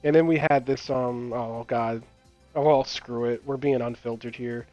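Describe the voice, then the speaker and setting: A young man's medium-pitched, slightly mellow voice moves at a moderate pace with fairly even intonation. He hosts a gaming channel, chatting casually mid-game and rambling through stories full of fillers, curses and laughter. The dull, dry lo-fi mic carries game music behind him.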